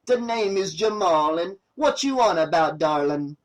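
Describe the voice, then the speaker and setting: A man's voice: sits high, lively intonation, unhurried. A man doing a stoner faking a Jamaican lilt. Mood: teasing.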